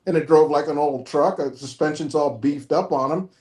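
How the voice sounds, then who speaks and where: A man's voice: fairly high pitch, moderate pace. A middle-aged man casually telling a long story in a group chat, acting out each side of the conversations he recounts. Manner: animated anecdote telling, acts out both sides of conversations. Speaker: car collector guest. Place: home, online group stream.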